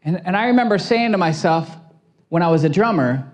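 Male pastor, sermon, animated pitch, playful and self-mocking. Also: a little fast. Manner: lively, storytelling, acts out voices, laughs at himself.

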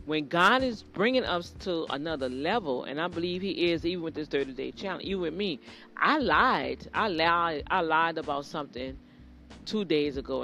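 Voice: medium pitch, pushed and bright. Earnest preacher repeating key phrases. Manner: earnest, repeats phrases, addresses listeners directly. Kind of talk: informal sermon.

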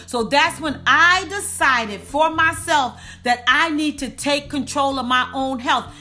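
Here a faith and wellness speaker gives a sermon-like wellness talk in a high, sharp tone. Repetition is her tool for emphasis, punch words come out slow and drawn out, and she keeps calling her audience y'all.

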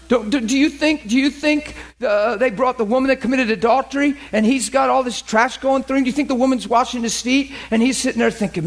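A man's voice: extremely high pitch, brisk, few pauses. A man preaching a sermon with passion, telling stories and pressing his point.

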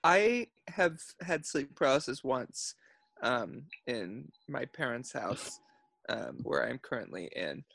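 A man's voice: mid-range voice, very animated, slow, vocal fry, a bit bright, slightly rough, no echo. A man co-hosting a podcast, chatting casually and telling a story with lots of fillers. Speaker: podcast co-host. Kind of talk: casual chat. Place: at his parents' house.

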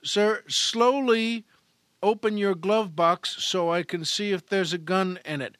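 A man's voice: sits high, expressive, unhurried, a bit bright, no echo, studio quality, pitched above the performer's own voice. A man voicing a stern male police captain who speaks formally and carefully.

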